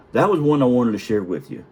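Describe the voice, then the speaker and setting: A middle-aged man, a retired Navy chief, telling profane, chuckling stories in a casual vlog and clearing his throat now and then. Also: medium pitch, dark tone. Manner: profane, chuckling, rambling anecdotes.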